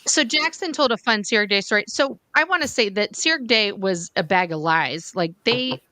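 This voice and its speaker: Lively California woman telling stories. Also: mid-range voice, moderate pace, no echo. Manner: animated storyteller, puts on mock voices in quotes. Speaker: livestream co-host. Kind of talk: casual group chat, storytelling.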